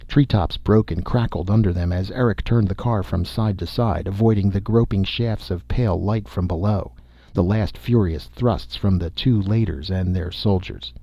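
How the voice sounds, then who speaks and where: A man narrating a science fiction story in a steady, measured reading. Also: low-pitched, no echo. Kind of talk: audiobook narration. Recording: dull, lo-fi dry recording.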